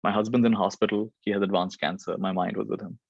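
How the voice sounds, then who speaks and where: A man quoting a distracted mother on a train who apologizes softly. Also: on the low side, fairly even intonation, quick pace, gravelly, slightly rough, no room sound, lo-fi sound. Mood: apologetic. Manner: soft, apologetic.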